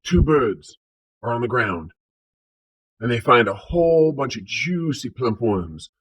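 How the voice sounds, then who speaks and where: A man's voice: medium pitch, very animated, measured pace, slightly rough, highs cut off. A man with a Southern US accent casually telling funny stories and jokes, playfully acting out sounds. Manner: playful, acts out sounds like purring. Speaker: storyteller. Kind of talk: casual story time and joke telling.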